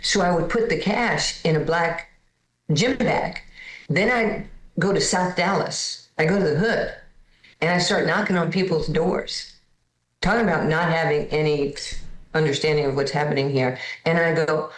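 A woman in her sixties from New York, telling candid, self-deprecating stories as a guest in a lively conversation. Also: sits low, moderate pace, roomy sound, low-quality recording. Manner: lively, candid, self-deprecating, repeats words when starting. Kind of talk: storytelling in conversation.

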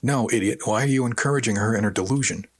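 A man's voice: fairly low pitch, fast talker, slightly rough, dry recording, studio quality. A man voicing a blunt, skeptical young crewman who talks in an exasperated way in an audiobook. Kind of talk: audiobook character voice.

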